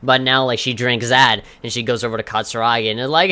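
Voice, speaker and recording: A man's voice: mid-range voice, little pitch movement, quick pace, bright, forceful tone, clean tone. A man co-hosting a casual gaming podcast, telling stories animatedly with laughs and casual swearing. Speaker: podcast co-host.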